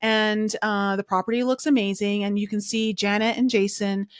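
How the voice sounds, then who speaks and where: A woman's voice: mid-range voice, little pitch movement, moderate pace, clean tone, no room sound, studio quality. A woman hosting a podcast, recapping a reality show in a casual, chatty way full of fillers and strong opinions. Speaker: podcast host.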